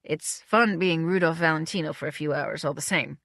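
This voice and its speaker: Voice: medium pitch, normal speed, a bit bright, no echo, clean studio sound. Narrator as an eager young stunt double, polite and a bit fussy.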